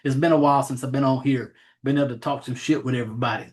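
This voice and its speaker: A man's voice: medium pitch, steady tone, very fast. Southern man, podcast host, loose and profane, rambles, easygoing chat. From Southern United States. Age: adult, has a child. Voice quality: rambling, profane, self-deprecating about names. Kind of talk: casual chat.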